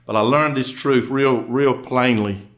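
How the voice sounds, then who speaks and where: A middle-aged man with a Southern US accent telling folksy jokes live on stage, a country undertaker acting out both sides of each dialogue. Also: medium pitch. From Georgia, USA. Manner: folksy drawl, quick storytelling, acts out both spouses in dialogue. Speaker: comedian and undertaker. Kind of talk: live stand-up storytelling. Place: live stage before an audience.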